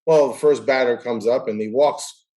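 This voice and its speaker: A man's voice: medium pitch, moderate pace, rough recording. A man hosting a casual interview, telling stories animatedly and acting out the dialogue. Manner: animated storyteller who acts out dialogue. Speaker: host.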